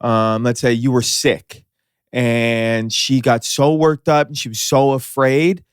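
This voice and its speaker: An animated male comedian on a podcast who tells stories by acting out other people's voices. He swears freely and bursts into loud bits. The recording is close and dry. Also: medium pitch, takes it slowly, clear, resonant tone, no echo. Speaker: comedian guest. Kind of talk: casual chat.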